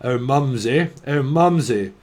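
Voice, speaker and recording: A man's voice: medium pitch, expressive, slow pace, darkish tone. A man impersonating a pompous elderly male royal who lectures in a plummy, stiff manner. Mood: lecturing.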